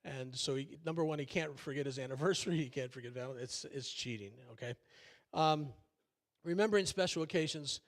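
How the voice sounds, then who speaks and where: A slightly high, slightly fast male voice carries this sermon from a church sanctuary. The older pastor talks in a relaxed, down-home manner, leaning on fillers and poking fun at himself.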